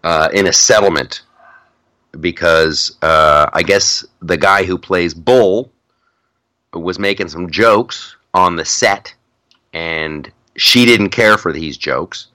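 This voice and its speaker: A man's voice: low voice, takes it slowly, pushed and bright, no room sound. A middle-aged man hosting a podcast in casual chat, rambling with many restarts and frequent laughter. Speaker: podcast host.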